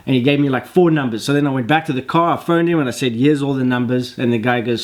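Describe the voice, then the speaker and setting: A man's voice: mid-range voice, fast talker, few pauses. A man, telling a frustrated story and acting out the dialogue with plenty of swearing. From South Africa. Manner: exasperated, swears, acts out quoted dialogue. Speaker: vlogger. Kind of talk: ranting complaint story.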